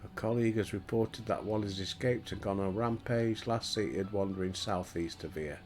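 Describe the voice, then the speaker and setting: A man's voice: lowish voice, moderate pace, a little mellow, soft background music, natural voice. A Yorkshire man reading aloud as a fretful male scholar who is asking for help in a game. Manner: read aloud plainly from the screen.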